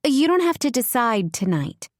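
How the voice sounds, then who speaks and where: A woman's voice: a little high, big pitch swings, normal speed, dry recording, clean studio sound, voice pushed up. A woman narrator voicing a young aunt who speaks firmly and protectively to her family. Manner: firm, protective. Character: peacekeeping aunt, young woman, firm when pushed.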